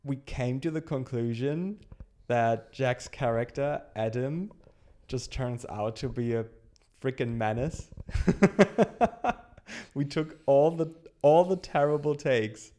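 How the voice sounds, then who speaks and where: A man hosting a casual chat, rambling and halting with frequent restarts and laughing often. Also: mid-range voice, mellow. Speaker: show host.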